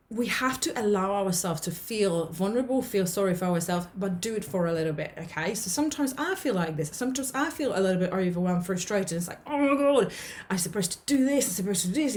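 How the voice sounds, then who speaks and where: A woman giving a motivational self-help talk, reassuring and often checking in with the listener, repeating words as she thinks aloud. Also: medium pitch.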